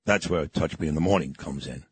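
A man's voice: rumbling low, fairly quick, husky, no room sound. An older man from New York hosting a morning radio show, telling a story in an emphatic, boastful way.

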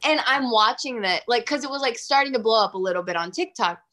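Young woman, bright, tense tone, chatty interview guest peppering every line with "like.". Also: a little high, quick pace. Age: 20s. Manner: chatty, heavy use of "like", animated. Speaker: singer-songwriter guest. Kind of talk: casual interview storytelling.

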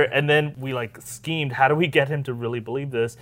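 A man's voice: medium pitch, steady tone, fast, a bit bright. Young guy, mid voice, goofy podcast co-host reading listener questions and laughing through his stories. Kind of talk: casual chat, storytelling.

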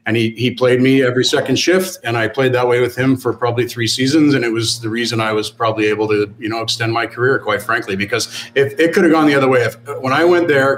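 A man's voice: medium pitch, steady tone, fairly bright tone, slight background noise, poor audio. Candid man recalling his playing career. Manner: candid, measured, with many restarts. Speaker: podcast guest, former hockey player. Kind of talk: casual podcast chat.

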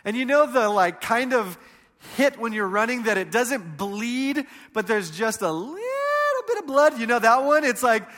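A man in his thirties preaching a sermon, telling stories in a conversational way that swings between loud and hushed. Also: very high voice, sing-song, a little slow, big-room sound.

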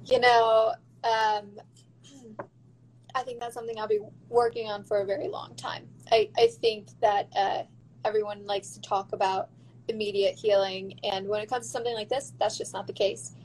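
A woman guest speaking frankly and emphatically in an interview, in quick bursts with some swearing. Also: medium pitch, little pitch movement, darkish tone, slight background noise, rough recording. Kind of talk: candid interview talk.

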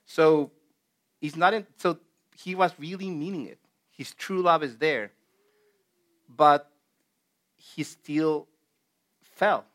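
A man's voice: fairly high pitch, takes it slowly, pauses often, a bit bright. Earnest man leading a Bible study. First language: not English. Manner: earnest and emphatic, with frequent fillers and restarts. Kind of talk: casual group Bible teaching.

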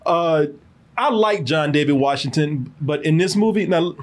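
A man hosting a casual movie review podcast, joking and animated, laughing often. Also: fairly high pitch, normal speed. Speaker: podcast host and film reviewer.

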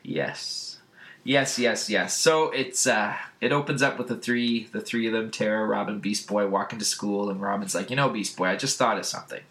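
A man casually recapping a comic book on a podcast, often laughing and jumping into high put-on voices for the characters. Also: fairly even intonation, moderate pace, a bit bright. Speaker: podcast host.

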